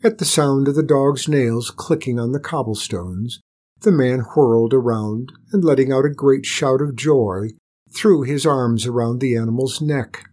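A man reading a storybook aloud in a calm, measured, gentle way. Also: mid-range voice. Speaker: narrator.

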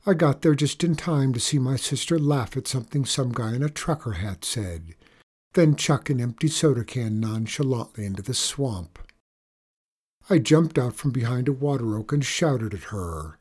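A man's voice: medium pitch, expressive, unhurried, darkish tone, husky. A man giving wry first-person audiobook narration.

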